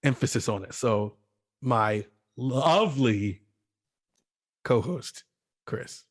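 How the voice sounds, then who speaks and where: A man's voice: mid-range voice, fairly quick, no echo, studio quality. A man hosting a gaming podcast in a laid-back, playful casual chat. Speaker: podcast host.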